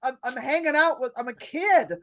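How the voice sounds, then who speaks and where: A woman comedian, a podcast guest, telling stories in a lively, profane way and acting out her own panic. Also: sits high, normal speed, no room sound, studio quality. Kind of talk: casual podcast storytelling.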